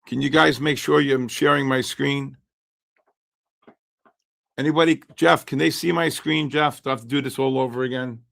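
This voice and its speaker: Hoarse guy w a gravelly voice running a live trading stream, greeting chat and calling trades. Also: mid-range voice, fairly even intonation, moderate pace, pauses often, a bit bright. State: hoarse, losing his voice. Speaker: livestream host and futures trader.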